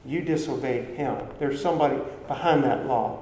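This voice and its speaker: A man in the middle of his pitch range preaches an earnest, conversational sermon. His voice is mellow and warm. It rings with long reverb through a big, echoey room, with faint ambience behind him. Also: moderate pace, a little hiss or hum.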